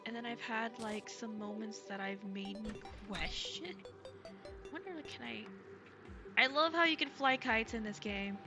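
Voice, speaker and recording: A woman streaming live while gaming, chatting casually and gushing excitedly over her viewers. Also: on the high side, measured pace, over music. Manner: bubbly and gushing, thanks chat excitedly.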